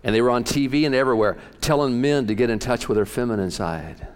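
A man's voice: medium pitch, fast talker, clean tone. Folksy joking male pastor. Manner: folksy, joking, conversational storytelling. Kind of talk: sermon.

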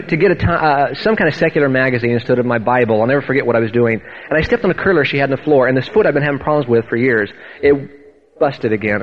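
A pastor telling a testimony from the pulpit, acting out the people in his story with lively storytelling. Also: mid-range voice, lo-fi sound. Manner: animated storytelling, acting out quoted voices. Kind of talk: sermon testimony.

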